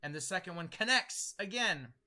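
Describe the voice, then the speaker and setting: A man's voice: sits high, expressive, moderate pace, sharp tone. A man running a tabletop game as game master, thinking aloud as he tallies dice rolls. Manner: thinks aloud while tallying dice, with many fillers.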